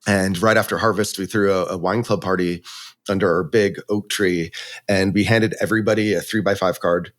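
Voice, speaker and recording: A man's voice: sits low, normal speed. A man casually telling the story of his winery's wine label, acting out the quotes and laughing as he goes. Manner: animated, acts out quotes with laughs.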